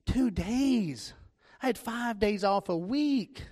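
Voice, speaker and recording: A man's voice: high voice, expressive, slow, a little mellow. Joking Southern preacher, man. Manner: joking, self-deprecating storytelling. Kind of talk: sermon.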